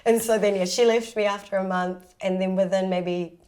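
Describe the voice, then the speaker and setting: A young woman on a panel, chatting casually and telling lively stories about growing up abroad, acting out quoted voices. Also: mid-range voice, moderate pace. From Tongan South African, raised partly in Japan. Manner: animated storytelling, acting out quoted voices with laughs.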